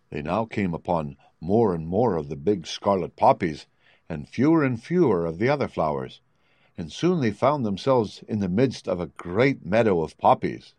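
Narrator, man, low and lively reading, dry close sound. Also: normal speed, no echo. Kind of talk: storybook narration.

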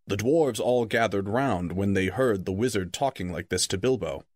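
A man narrating a children's fantasy novel in an expressive storytelling manner. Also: fairly low pitch, normal speed, few pauses, no room sound, studio quality. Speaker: audiobook narrator.

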